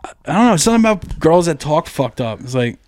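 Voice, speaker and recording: A man's voice: on the high side, very animated, fast, a little mellow, no echo, clean studio sound. A man co-hosting a podcast in crude, rambling comedic banter, swearing and laughing often. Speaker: podcast co-host.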